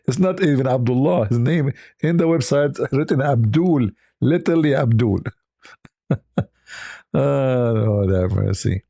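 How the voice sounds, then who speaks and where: A male live-stream host talks in loose, chatty fashion and often breaks into laughter at his own anecdotes. His voice is low-toned, mellow and gravelly, with a husky edge. The sound is dry and close, with no room echo. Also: expressive, unhurried. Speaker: livestream host. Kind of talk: casual live-stream chat.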